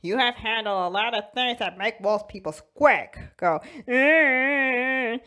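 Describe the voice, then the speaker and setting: A woman hosting a toy channel, chatting casually and comically about fandoms, giggling, sighing dramatically and bursting into shouted bits. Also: mid-range voice, normal speed. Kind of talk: casual comedic fandom chat.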